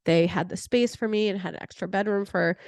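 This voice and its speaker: A young adult woman hosting a podcast, telling a personal story in a chatty, animated way with many "like" fillers. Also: medium pitch, fairly quick, vocal fry, dry recording, clean studio sound. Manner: chatty, heavy use of "like" fillers; animated retelling with laughter. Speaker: podcast host.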